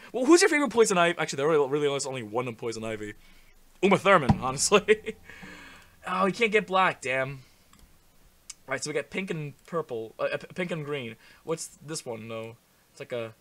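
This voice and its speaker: A young man hosting a comedic game commentary, manic and goofy, swinging between loud outbursts and low breathy mutters. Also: lively intonation, moderate pace, long pauses. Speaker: gaming channel host.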